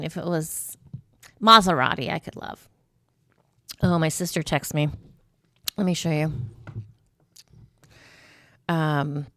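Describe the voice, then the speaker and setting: A middle-aged woman chats to the camera, rambling through her stories with plenty of fillers and asides. Her voice sits low and carries a gravelly fry, and the sound is close and dry with no room around it. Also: darkish tone, dry recording. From United States. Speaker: vlogger. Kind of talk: casual chat to camera.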